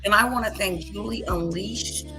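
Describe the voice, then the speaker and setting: A woman's voice: mid-range voice, normal speed, over music, rough recording. A woman hosting a live stream, giving casual commentary and repeating her points for emphasis.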